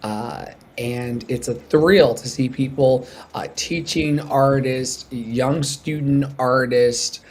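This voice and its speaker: A man hosts a casual live stream in a rambling, filler-heavy way, his voice at an everyday middle pitch. He meanders from point to point as he talks. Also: slow, few pauses, darkish tone. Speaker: host.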